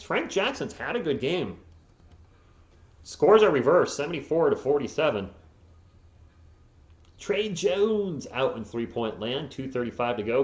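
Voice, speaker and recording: A man doing laid-back fan play-by-play on a live stream, breaking off to answer chat and laugh at comments. His mid-range voice sits in a roomy space, and the sound is a little dull. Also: medium pitch. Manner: casual, chuckling, reads viewer comments between plays. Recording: roomy, slightly dull home stream audio.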